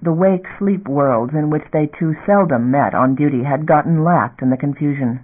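Guy reading a sci-fi book aloud, kinda high voice, tinny phone-line audio. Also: normal speed. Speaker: audiobook narrator. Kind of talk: scripted narration.

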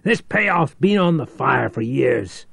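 A man voicing a desperate, violent man on the edge who shouts frantically. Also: mid-range voice, sing-song, slow pace, gravelly, husky, no echo, clean studio sound, voice pushed up, exaggerated voice. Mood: raging.

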